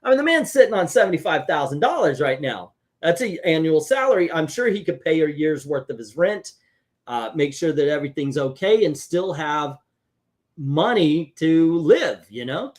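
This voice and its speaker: Animated, chatty man hosting a comic review. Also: fairly high pitch, normal speed. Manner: animated, chatty, laughs easily. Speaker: comic book show host. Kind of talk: casual chat reviewing a comic.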